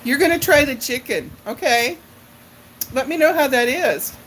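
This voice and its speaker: A woman's voice: high-pitched, expressive, moderate pace, a bit bright, slight background noise, poor audio. A middle-aged woman hosting a live stream in a casual chat, rambling as she greets viewers by name and answers their comments. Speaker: livestream host.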